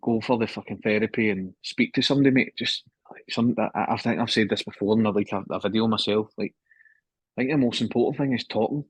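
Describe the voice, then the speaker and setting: A man's voice: lowish voice, fast talker, husky, dry recording, poor audio. A man in his thirties talking candidly as a podcast guest, swearing freely and calling his host mate, heard through a phone. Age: 30s. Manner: candid, swears often, keeps saying mate. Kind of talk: casual conversation.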